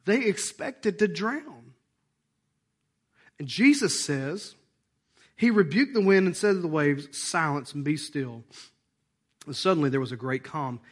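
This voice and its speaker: A man preaching a sermon in church, animated and hoarse, with a worn-out voice. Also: on the high side, unhurried, long pauses. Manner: animated, acts out voices and asides. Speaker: pastor.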